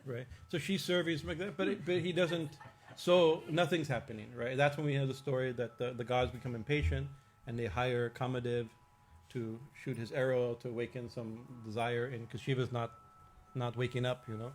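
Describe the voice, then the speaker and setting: In a temple hall, a swami gives an informal religious discourse in a brisk, mid-range voice. He tells stories in a chatty way, laughing often and frequently restarting his sentences.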